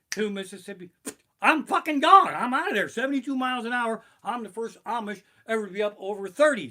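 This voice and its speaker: A man performing a profane stand-up comedy set, streamed live from his living room, breaking into shouted bursts of panic. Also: high-pitched. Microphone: basic home streaming mic.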